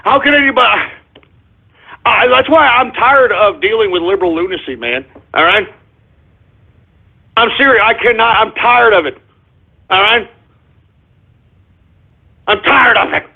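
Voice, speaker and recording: A man's voice: sits high, lively intonation, measured pace, creaky, pauses often, husky. A man hosting a call-in radio show, ranting angrily with curses, sighs and stumbling restarts. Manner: angry, cursing, frequent sighs and restarts. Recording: tinny phone-like lo-fi audio.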